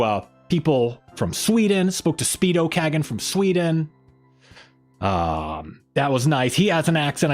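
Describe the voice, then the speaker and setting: A man hosting a casual weekly livestream, rambling loosely and greeting viewers in the chat by name. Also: on the high side. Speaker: livestream host.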